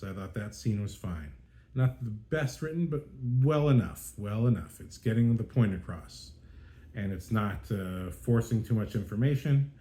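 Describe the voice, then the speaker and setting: A podcast host casually reviews a film, sounding exasperated as he rants with plenty of fillers and restarts. His voice is lowish and a little mellow.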